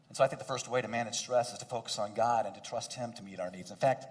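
Preaching at a fast clip in a medium-pitched voice, this male pastor addresses the congregation conversationally. For important points he lowers his voice to a hushed emphasis.

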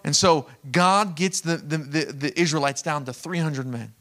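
A man delivering a sermon with a high-pitched, bright voice. He tells the story dramatically, acting out the characters, jumping to loud outbursts and then dropping back to quiet asides. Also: normal speed. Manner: animated storytelling, acting out voices with big swings in volume. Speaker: pastor.

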